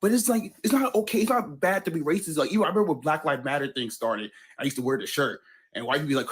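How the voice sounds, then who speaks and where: Thirty-something guy, quick talker, kinda husky, acts out his stories. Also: a little high. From United States. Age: 30s. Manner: animated storytelling with greetings acted out. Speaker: call-in guest. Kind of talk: casual group chat.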